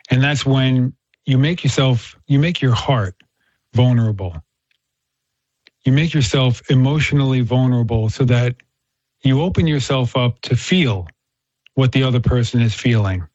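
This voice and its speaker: A man's voice: medium pitch, dry recording. A man talking earnestly about faith and telling a story, often repeating words as he restarts. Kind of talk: casual faith-based chat with storytelling. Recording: dull, slightly muffled sound.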